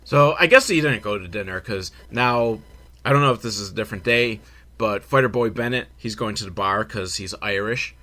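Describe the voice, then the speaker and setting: A man's voice: on the low side, normal speed, bright, forceful tone. A man giving a sarcastic, swearing comedy recap of a film and laughing at his own jokes. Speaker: movie recap host.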